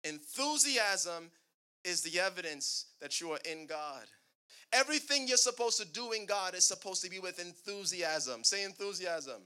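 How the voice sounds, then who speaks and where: High, sharp-voiced preaching man. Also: expressive, moderate pace, clear, resonant tone. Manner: preaching with call-and-response to the congregation. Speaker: pastor. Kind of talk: sermon.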